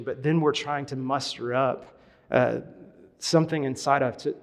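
A man's voice: medium pitch, big-room sound. A man giving a sermon as a pastor, speaking conversationally with lots of fillers and restarts. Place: church hall.

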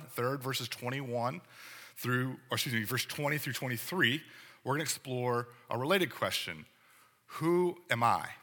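A man's voice: mid-range voice, sharp tone, in a large hall. A man preaching a sermon as pastor, conversational and full of rhetorical questions. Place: church sanctuary.

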